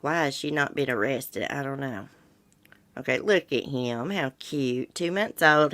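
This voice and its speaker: Low-pitched woman host reading news and making sarcastic comments, dry close sound. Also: measured pace, fairly bright tone, no echo. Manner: blunt and sarcastic asides.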